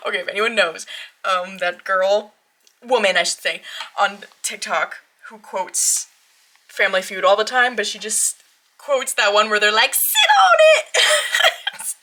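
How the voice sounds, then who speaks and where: Bubbly bright-voiced woman vlog host. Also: mid-range voice, fairly even intonation, measured pace, slight background noise. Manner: bubbly, giggly, rambling with self-interruptions. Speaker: tarot channel host. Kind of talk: casual chatty vlog.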